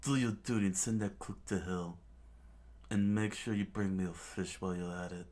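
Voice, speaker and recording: A man's voice: fairly even intonation, normal speed, darkish tone, close to an everyday voice. Don Krieg, a man putting on a domineering pirate captain. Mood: commanding. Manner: booming, domineering threats. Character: ruthless boastful male pirate captain.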